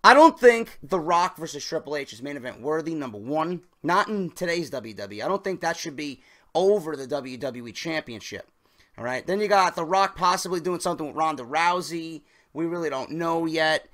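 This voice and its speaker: A man's voice: fairly high pitch, expressive, moderate pace, fairly bright tone. A man reading wrestling news and giving his opinions in a casual, emphatic way, stressing key words and talking straight to his viewers.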